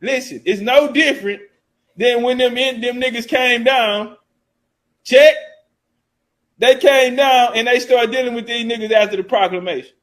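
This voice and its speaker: A man's voice: very high-pitched, fairly even intonation, moderate pace, fairly bright tone, rough recording. A man giving casual history commentary, reading source passages aloud and riffing on them in loose, profane street talk.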